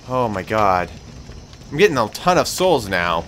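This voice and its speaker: Excitable young man narrating his game. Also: fairly low pitch, unhurried, slight background noise. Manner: excitable, swearing, talks to himself. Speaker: gameplay commentator. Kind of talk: let's play commentary.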